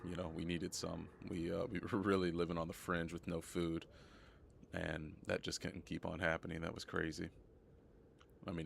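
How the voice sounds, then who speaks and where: Very deep gravelly hoarse man. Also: slight background noise. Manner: rambling, repeats himself a lot. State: hoarse from a cold. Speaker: live streamer. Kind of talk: casual live gameplay commentary.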